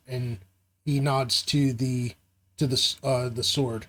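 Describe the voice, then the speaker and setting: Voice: mid-range voice, steady tone, takes it slowly, a bit bright. A game master narrating a live tabletop game, with rambling descriptions full of fillers.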